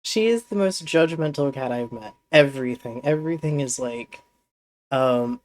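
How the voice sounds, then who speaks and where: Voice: medium pitch, moderate pace, darkish tone, slight background noise. A streamer in casual live-stream chat, rambling and talking fondly to a pet cat while playing.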